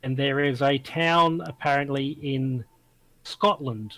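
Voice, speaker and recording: An Australian man with a voice of middling pitch, chatting as a guest on a stream. He speaks plainly and sometimes stumbles at the start of a thought, and the sound is dry. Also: slow, bright, forceful tone, no room sound, poor audio. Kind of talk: casual chat.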